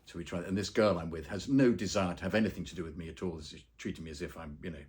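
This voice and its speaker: A man's voice: low-pitched, racing, darkish tone. A man, an actor and voice-over artist, telling stories in a casual interview, rambling with many fillers and acting out the people he quotes.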